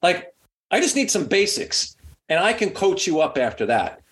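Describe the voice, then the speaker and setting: A man's voice: high-pitched, normal speed. A middle-aged man, a sports media executive, telling a story in a casual interview and filling it with "like" and "you know". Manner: rambling, heavy on "like" and "you know", lively when quoting.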